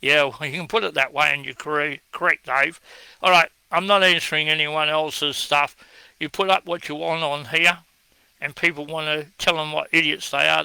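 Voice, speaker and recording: An Australian man argues in a blunt, scornful monologue. His voice sits a little high with a gravelly edge and a forceful, bright tone. The recording is dry and close. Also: dry recording, poor audio. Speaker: online commentator answering viewer comments. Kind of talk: combative monologue.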